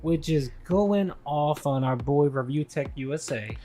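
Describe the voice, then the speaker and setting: A man's voice: on the high side, unhurried, warm tone. A man co-hosting a live stream, recapping drama in a rambling way with lots of fillers. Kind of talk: casual recap commentary.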